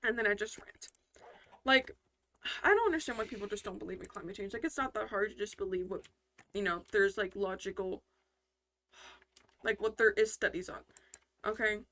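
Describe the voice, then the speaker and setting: A woman's voice: medium pitch, normal speed, pauses often, a bit bright. A woman hosting casual gameplay commentary, talking in a rambling, heated way with lots of fillers and restarts. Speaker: gaming channel host.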